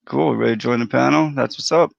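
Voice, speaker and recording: Male livestream host, relaxed and chatty, heavy fry in a lowish voice, dry close sound. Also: fast, no echo. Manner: laid-back, chatty, greets viewers by name. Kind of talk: casual livestream chat. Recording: dry, dull lo-fi audio.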